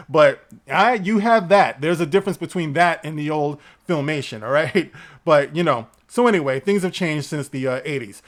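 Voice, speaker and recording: Male vlogger with a high voice, sarcastic and profane in his commentary. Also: fairly bright tone. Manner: sarcastic, profane, laughs often. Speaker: entertainment news vlogger. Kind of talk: ranting commentary.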